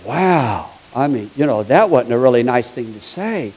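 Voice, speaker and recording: A man's voice: mid-range voice, big pitch swings, normal speed, few pauses, a little mellow, breathy edge, poor audio. A man preaching a sermon as a pastor, telling stories in a chatty, humorous way. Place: church sanctuary.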